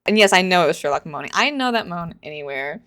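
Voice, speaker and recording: A woman's voice: on the low side, expressive, quick pace, fairly bright tone, smooth. A woman in her twenties giving casual, sarcastic commentary in a book reaction vlog, rambling and exasperated.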